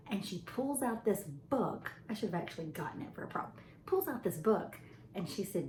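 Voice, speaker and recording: A woman's voice: lowish voice, moderate pace. A woman in her forties chatting to camera, rambling and laughing as she tells a story about her kids. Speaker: vlogger and mother. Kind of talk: casual chat to camera. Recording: echoey room with faint noise.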